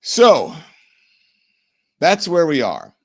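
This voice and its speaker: A middle-aged man hosting a live-stream talk show, animated and sarcastic, often mimicking the people he talks about. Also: a little high, drawn-out words. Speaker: host.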